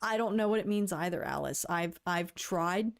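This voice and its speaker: On her casual stream, a woman talks to viewers in a rambling way, tripping into restarts and putting on playful mock-dramatic laments. She sounds low-pitched with vocal fry, speaking at a normal speed.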